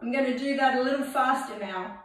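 A woman teaching English through movement, giving calm step-by-step instructions in a library room. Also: sits high, a little fast, far from the mic. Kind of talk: guided movement lesson. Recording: very echoey room.

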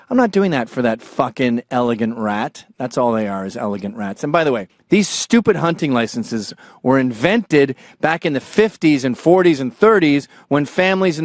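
A man in his forties hosting a show, telling profane comedic stories and jumping between low mumbling asides and sudden loud outbursts. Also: no room sound, studio quality. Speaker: show host.

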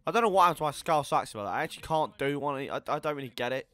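A young man of eighteen talks through his football game in casual commentary. His voice is bright and fairly high, swinging widely as he chats, swears and yells at the play. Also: lively intonation, rapid-fire. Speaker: gaming YouTuber.

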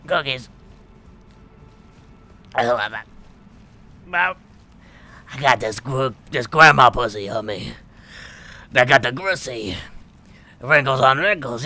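A man's voice: medium pitch, pushed and bright, full character voice. A man putting on a smoky, crude old grandma. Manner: lewd, drawling and boastful.

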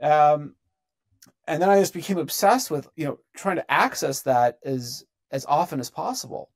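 A man hosting a podcast, talking in a relaxed, laid-back way. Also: a little high, moderate pace, vocal fry. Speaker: podcast host. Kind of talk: casual conversation.

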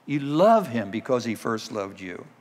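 Slow-speaking preacher in an echoing hall. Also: male voice, mid-range voice, sing-song. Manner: dramatic shouted cries when acting out scripture. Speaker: pastor. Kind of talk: sermon. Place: church sanctuary. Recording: long reverb of a church hall.

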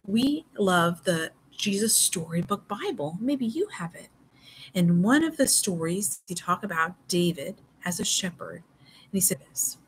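A woman telling a Bible story to toddlers in an exaggerated, sing-song way, dropping to soft whispers for prayers. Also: lowish voice, lively intonation, unhurried, slight background noise, poor audio. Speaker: toddler Sunday school teacher.

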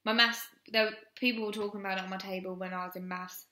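A woman's voice: medium pitch, steady tone, fast, sharp tone. A young woman, frankly telling a personal story on her vlog and rambling with many "um"s. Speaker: vlogger. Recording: roomy echo.

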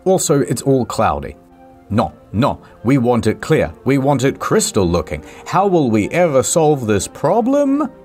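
Man, comedic history storytelling, very animated pitch, dramatic pauses, faint background music. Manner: dramatic, playful timing with big pitch swings. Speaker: host.

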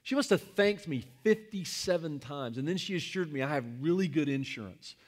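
A man's voice: on the high side, animated, moderate pace. A male pastor giving a sermon in a conversational, storytelling manner, weaving a personal anecdote into his teaching.

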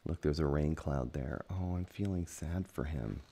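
A man reading a children's picture book aloud at home, gentle and unhurried, pausing to point out the pictures. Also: extremely low pitch, creaky, slightly rough. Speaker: storytime reader. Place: at home with a dog.

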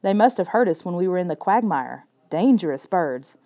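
A woman voicing a young boy who gives hoarse whispered warnings in a children's audiobook. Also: on the low side, expressive, normal speed, warm tone. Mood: grim. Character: calm knowing boy friend, hushed and warning.

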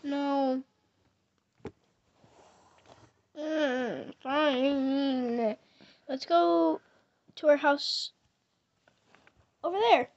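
A woman's voice: sits high, very slow, long pauses, muffled recording, heavily acted. A woman voicing a whiny sleepwalking Glaceon. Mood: grumbling. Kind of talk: fan voice skit.

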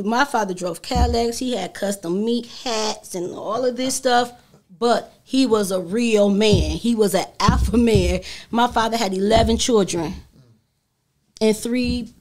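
A woman guest on a talk show, an animated storyteller who acts out the voices she quotes. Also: mid-range voice. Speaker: guest entrepreneur. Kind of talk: casual talk show conversation.

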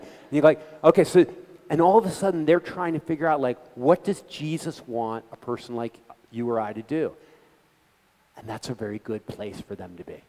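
A man's voice: on the high side, a little fast. Middle-aged guy telling stories to a gathering, keeps restarting, echoey hall sound. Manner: animated storytelling with quoted voices and restarts. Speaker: guest speaker. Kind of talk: conversational talk to a gathering. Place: meeting hall.

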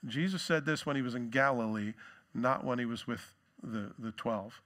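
A man's voice: moderate pace, fairly bright tone. A man preaching a sermon in a conversational way, with jokes and asides, acting out the quoted lines with energy. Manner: acts out quoted lines with rising pitch and force. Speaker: pastor.

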